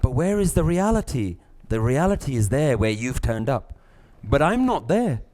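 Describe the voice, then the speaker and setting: A middle-aged man, teaching a live class, lively, acting out little scenes and laughing often. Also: medium pitch, moderate pace. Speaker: spiritual teacher.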